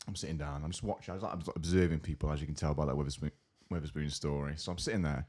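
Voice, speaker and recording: A young man co-hosting a casual podcast chat, telling an animated story and acting out other people's lines. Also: extremely low pitch, racing, husky. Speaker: podcast co-host.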